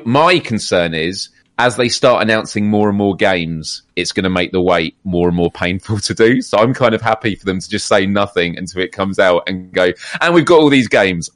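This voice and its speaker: A man's voice: low-pitched, moderate pace, fairly bright tone, no echo. A man co-hosting a casual gaming podcast, thoughtful and a little hesitant, self-deprecating. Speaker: podcast co-host.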